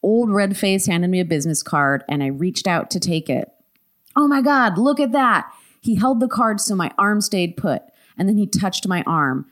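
A woman podcast host reading a listener's story aloud, animated, laughing often with quick asides. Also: fairly low pitch.

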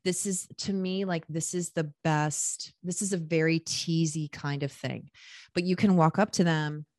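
A woman in her thirties hosting a casual solo podcast, chatty and quick to laugh at herself with lively asides. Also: sits low, no room sound, studio quality. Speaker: podcast host giving dating advice.

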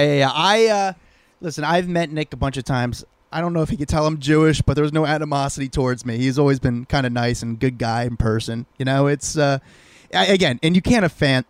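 A man with a slightly high voice co-hosts a podcast, recorded close and dry. He tells teasing stories in an animated, casual way. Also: no echo. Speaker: podcast co-host.

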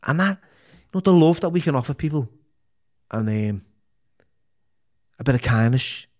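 This podcast guest from Liverpool, England, speaks in a Liverpool accent with a medium, somewhat mellow voice, animated and moderately paced. Frank and emotional, he recounts his life with lots of swearing and many false starts.

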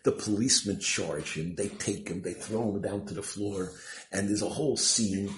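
Rabbi, deep creaky voice, storytelling Torah talk, echoey room with faint hiss. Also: male voice, normal speed, fairly bright tone. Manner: storytelling, sprinkled with Yiddish and Hebrew terms.

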